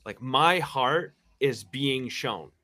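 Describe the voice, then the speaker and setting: A man's voice: mid-range voice, expressive, takes it slowly, pushed and bright. A man speaking candidly in a conversation, impassioned and emphatic, often repeating words as he pushes his point.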